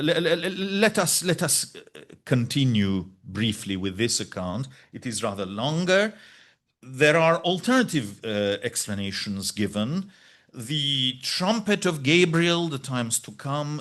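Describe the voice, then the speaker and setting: A man giving an academic conference lecture in a measured, scholarly way, pausing with fillers and restarts. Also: a little high, fairly bright tone. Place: lecture hall.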